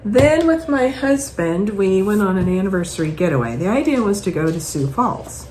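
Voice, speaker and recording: A woman chatting casually at home as host, showing off her purchases in a rambling, animated way. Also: mid-range voice, moderate pace, background noise.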